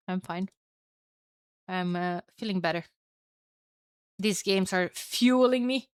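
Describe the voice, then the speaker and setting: A woman commentating a strategy game alone for her live chat, chatty and excitable, tired and with a headache. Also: lowish voice, slow pace, long pauses, clean tone, no echo, clean studio sound. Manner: chatty, excitable, swears and laughs at herself. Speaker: esports caster.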